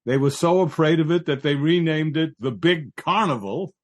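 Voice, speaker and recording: A man's voice: a little high, moderate pace. A man co-hosting a classic film podcast, talking enthusiastically and laughing easily. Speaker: podcast co-host. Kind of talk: casual film discussion.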